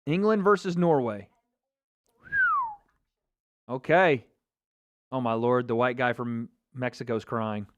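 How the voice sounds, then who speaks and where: An American man giving an excitable live reaction to a football match as a YouTube host, swearing and breaking into shouts. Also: medium pitch, takes it slowly, long pauses, smooth. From United States.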